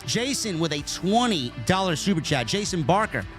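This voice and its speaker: At a moderate pace and in a high-pitched voice, a New York man reviews wrestling on a casual show with faint music behind. He reads super chats and rants in a blunt, animated, heavily profane way.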